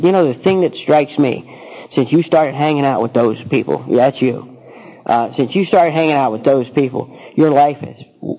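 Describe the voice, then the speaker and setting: Mellow-voiced man telling a recovery story. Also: mid-range voice, creaky, low-quality recording. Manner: rambling storytelling, many false starts. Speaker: speaker sharing recovery story. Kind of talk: personal recovery talk.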